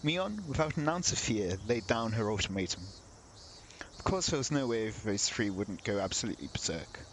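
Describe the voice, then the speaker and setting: A man's voice: fairly low pitch, sing-song, normal speed, rough recording. Male let's-play host reading story text aloud, casual wry asides, faint background hiss. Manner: reads narration, breaks off into wry comments.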